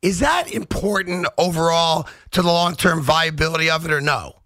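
A male host of a sports talk show, telling stories in an animated way and acting out quotes. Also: fairly high pitch, moderate pace, creaky, dry recording. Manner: animated storyteller who acts out quotes.

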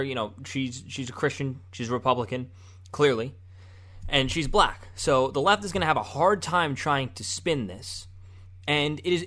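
A man's voice: fairly high pitch, fairly bright tone. A man hosting a political commentary show, arguing in a sarcastic, combative way and now and then mocking the other side in a put-on voice. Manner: argumentative, sarcastic, mocking mimicry of opponents. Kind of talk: opinion commentary over video clips.

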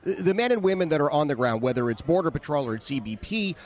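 A man's voice: a little high, very animated, fast talker. A male radio talk show host interviewing a guest in a folksy way, with many filler sounds and leading questions.

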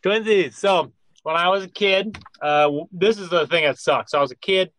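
A man chatting casually as a guest, relaxed and rambling with lots of fillers. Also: a little high, normal speed, slight background noise. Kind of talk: casual video-call chat.

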